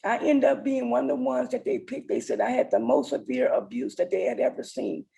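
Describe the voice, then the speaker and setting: A woman's voice: fairly high pitch, a little fast, vocal fry, mellow, rough recording. A woman in her forties giving an earnest, emotional personal testimony as a summit speaker. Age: 40s.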